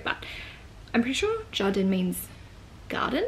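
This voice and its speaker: A woman's voice: medium pitch, very animated, fast talker, creaky, long pauses. A woman with an Australian accent chatting through a casual unboxing vlog at home, gushing and filling her talk with likes and ums. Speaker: vlogger.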